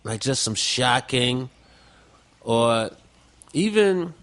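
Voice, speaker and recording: A man hosting a casual podcast chat. He tells stories in a loose, rambling way and swears freely. His voice sits at an ordinary middle pitch. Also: lively intonation, extremely slow, fairly bright tone. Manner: loose, profane, rambling storytelling. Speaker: podcast host.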